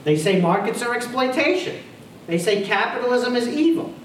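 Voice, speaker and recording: A man's voice: extremely high pitch, lively intonation, normal speed, a little hiss or hum. A man giving a university history lecture, emphatic, firing off rhetorical questions and repeating his key phrases. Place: lecture hall. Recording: roomy hall audio picked up from a distance.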